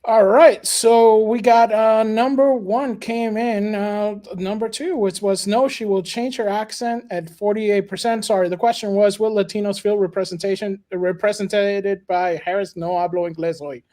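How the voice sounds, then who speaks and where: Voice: medium pitch, a little slow, hardly any pauses. Podcast cohost reading stuff out, lots of uhs, laid back. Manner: relaxed, hesitant with many uhs. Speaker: podcast co-host. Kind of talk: casual chat.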